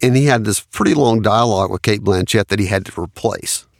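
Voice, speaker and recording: A man's voice: lowish voice, a little fast, gravelly, no echo. A man, a studio engineer and producer telling anecdotes in an interview and laughing often. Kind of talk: storytelling in an interview.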